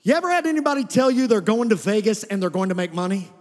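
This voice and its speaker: High-voiced preacher in an echoing hall. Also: male voice, expressive, quick pace, darkish tone. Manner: conversational preaching with calls to the congregation. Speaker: pastor. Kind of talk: sermon. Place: church sanctuary. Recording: long hall reverb.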